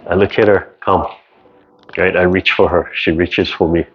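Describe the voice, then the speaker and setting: A man teaching tai chi over a video call, telling casual family stories and giving calm, unhurried movement cues. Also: low-pitched, breathy edge. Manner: calm, unhurried cueing with many "right?" checks. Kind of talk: casual storytelling and guided exercise cues. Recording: dull lo-fi video call audio.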